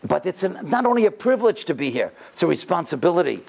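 Middle-aged guy with a gravelly, slightly high voice, animated storyteller giving a talk. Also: fast talker. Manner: animated storyteller, voice climbing high in retold dialogue. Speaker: guest speaker at a yeshiva. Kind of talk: storytelling speech.

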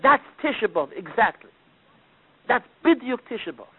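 A man with a strikingly high voice delivers a sermon as a dramatic storyteller, dropping to near-whispers and then rising again. The recording is thin and phone-like. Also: very animated, moderate pace, breathy edge. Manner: dramatic storytelling, swinging between loud and hushed. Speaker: preacher.

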